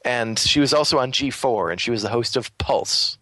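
A man's voice: medium pitch, normal speed, sharp tone, dry recording. A man co-hosting a podcast, chatting casually in a dry, teasing way. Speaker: podcast co-host. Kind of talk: casual chat.

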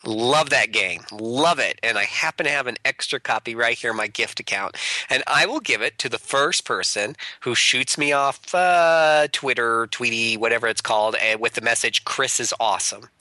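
A man co-hosting a casual podcast, rambling along with lots of filler pauses. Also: mid-range voice, bright, forceful tone, dry recording. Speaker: podcast co-host. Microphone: remote call.

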